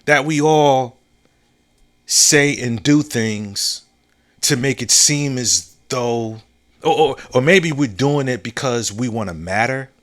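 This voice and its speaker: A man hosting his own podcast, talking casually and reflectively, repeating key phrases, using slang and often asking "you know what I'm saying?". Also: mid-range voice. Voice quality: laid-back, drawn-out phrasing with slang and restarts. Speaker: podcast host. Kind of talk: casual solo monologue.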